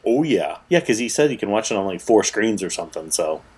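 A man chatting on a podcast in a husky, slightly raspy voice that swings up and down in pitch. He jokes playfully and reacts with quick little asides. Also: big pitch swings, a little mellow. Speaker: podcast co-host. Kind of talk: casual chat.

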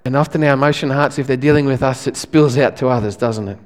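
A male pastor, preaching a sermon in a relaxed, conversational way, often restarting his phrases. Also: medium pitch, fast, long reverb tail.

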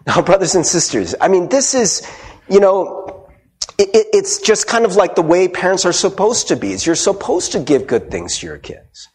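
Pastor, male. Conversational sermon, expressive delivery, lots of rhetorical check-ins. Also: sits high, moderate pace. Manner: animated, conversational, frequent "right?" asides; laughs often and acts out quoted voices.

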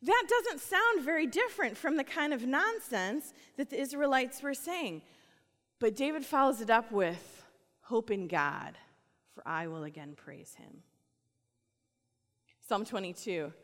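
A woman pastor preaching a sermon in a casual, conversational way, rising to animated reading and dropping to soft, hushed lines. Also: medium pitch, measured pace, long reverb tail.

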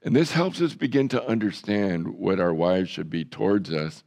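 A man's voice: deep voice, very animated, moderate pace, a little mellow. A man preaching a sermon as a pastor, in a conversational, folksy way with self-deprecating humor.

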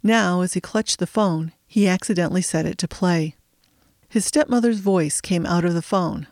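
A woman narrating a story in an even, measured audiobook style. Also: lowish voice, no room sound. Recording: dry close recording.

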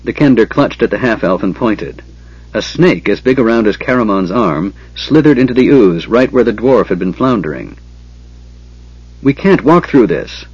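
Male narrator, fantasy audiobook, measured, husky, dull lo-fi audio. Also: lowish voice, expressive, a little mellow, dry recording.

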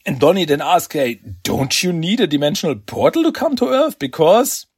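A man's voice: fairly high pitch, normal speed, slightly rough, no room sound, clean studio sound. A man hosting a podcast, casually recapping a comic with lots of fillers and laughs. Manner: animated, filler-heavy, laughs often. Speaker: podcast host.

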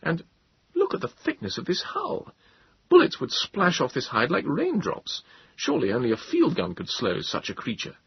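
An excitable gentleman exclaims in a hushed, breathy voice pitched well above the reader's own, as a male narrator puts him on. The tone is very husky and lively. The recording is dry and a little dull. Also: normal speed, full character voice. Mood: amazed. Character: excitable gentleman companion, man.

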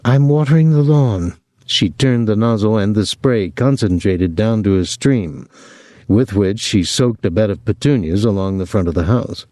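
A man narrating a novel as an audiobook reader, in a measured, steady way. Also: lowish voice, no room sound, studio quality. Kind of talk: scripted narration.

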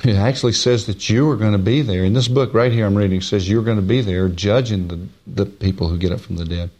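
A man preaching a folksy Bible-teaching sermon, stretching key phrases slowly and swinging from raised, high stresses to hushed, low asides.

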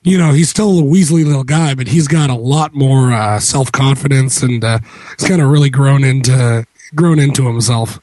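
A man's voice: medium pitch, normal speed, dark tone, dry recording. A man in casual podcast chat, wry and joking.

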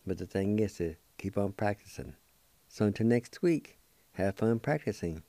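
A man hosting a radio language lesson, spelling out words letter by letter and repeating each one slowly for listeners to practice. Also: on the low side, lively intonation, dark tone, no echo. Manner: slow, careful spelling out of letters and syllables; repeats each word several times for practice.

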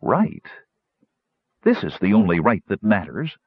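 A man's voice: fairly low pitch, sing-song, unhurried, breathy edge, no echo, narrow, tinny audio, exaggerated voice. A man voicing a proud, power-hungry woman warrior who speaks firmly and commandingly, in an audiobook. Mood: fierce. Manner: firm, commanding.

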